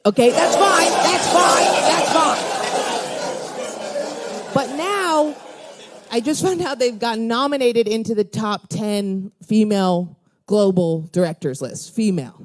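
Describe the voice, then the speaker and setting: A brash woman comedian working the crowd, with her pitch leaping and swooping as she talks. She sounds roomy and a bit distant from the mic, with loud crowd noise behind her. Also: normal speed. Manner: brash, profane, animated. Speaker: stand-up comedian. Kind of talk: stand-up crowd work. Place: comedy club. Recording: roomy live club recording with loud crowd.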